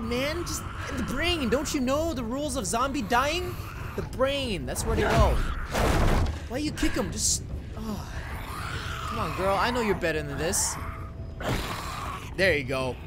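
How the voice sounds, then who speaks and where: Young male gaming YouTuber, excitable let's-play host, lively swings in pitch, game music loud behind. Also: measured pace, pauses often. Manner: excitable, cheering at the screen, drops to mumbles.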